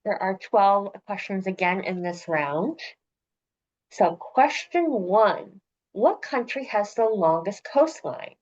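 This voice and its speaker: A woman's voice: medium pitch, expressive, slow pace, a little mellow, muffled recording. A woman hosting a trivia night, reading each multiple-choice question and its options twice, with light jokes. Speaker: trivia quiz host.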